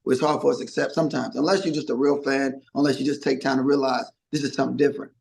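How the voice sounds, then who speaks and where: A middle-aged man, a singer as interview guest, talking casually in a rambling, animated way with many restarts and acted-out quotes. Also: mid-range voice, rapid-fire, vocal fry, a little hiss or hum.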